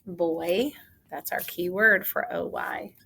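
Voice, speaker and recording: A woman teacher giving a phonics spelling lesson for young children, sounding out each word slowly and deliberately. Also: lowish voice, wildly swooping pitch, gravelly, pushed and bright, slight background noise. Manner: slow, deliberate, sounding out words. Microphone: recorded for a video lesson.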